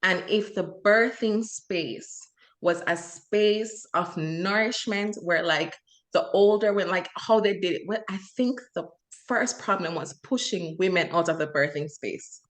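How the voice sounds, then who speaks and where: A woman's voice: on the low side, unhurried. Impassioned woman podcast co-host. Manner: earnest, impassioned, many fillers. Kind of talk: casual chat.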